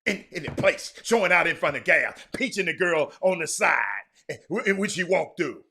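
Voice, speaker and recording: A man's voice: a little high, expressive, moderate pace, gravelly, bright, forceful tone, a little hiss or hum. A man hosting a live-streamed sports talk show, ranting emphatically, repeating himself and calling out to his viewers. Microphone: streaming mic.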